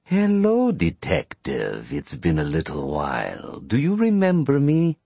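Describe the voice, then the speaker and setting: A sinister anonymous caller with a peculiar, shifting voice that drops low and drawn-out, then jumps high as if on helium, as a storyteller puts him on. He taunts slowly and deliberately, with a husky, dry edge. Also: wildly swooping pitch, warm tone, no room sound, exaggerated voice. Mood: taunting. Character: sinister mysterious male caller.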